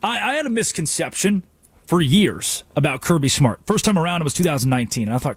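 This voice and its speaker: A male sports radio host delivering an animated, sarcastic rant from a studio. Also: on the high side, fast talker, breathy edge, dry recording. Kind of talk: sports talk radio monologue.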